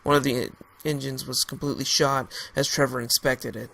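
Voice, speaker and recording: A man tells a survival story in a halting, unpolished way, pausing and restarting. His voice has a gravelly, creaky texture. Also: medium pitch, steady tone, bright, forceful tone. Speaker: narrator. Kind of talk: amateur storytelling narration.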